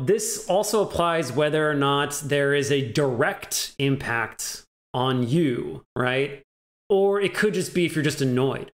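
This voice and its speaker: Young guy teaching a laid-back language lesson, kinda higher voice, laughs a lot and hams up the examples. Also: a bit bright. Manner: chatty, laughs often, acts out example lines. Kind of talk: casual live-streamed lesson.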